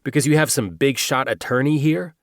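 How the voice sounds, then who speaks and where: A cornered, defiant man with a scoffing edge, as a male audiobook reader puts him on. The voice sits well above the reader's own deep tone and pushes louder. Dry, close studio sound. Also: fairly quick, no echo, natural voice. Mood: defiant sneer. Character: cornered, defiant middle-aged man, sneering. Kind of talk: audiobook character voice.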